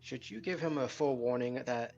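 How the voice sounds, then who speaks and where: A man's voice: mid-range voice, moderate pace, a little mellow. A man playing a tabletop game, hesitant and stumbling over his words. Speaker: player. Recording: dull lo-fi mic.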